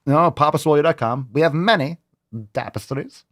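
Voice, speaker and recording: A man's voice: fairly low pitch, normal speed. A man hosting a fitness vlog, joking and swearing in casual talk. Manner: profane, joking, animated. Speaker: fitness podcast host.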